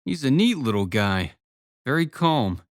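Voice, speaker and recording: A man reading an audiobook, voicing a calm family friend in a dry, understated way. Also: medium pitch, a little slow, dry recording.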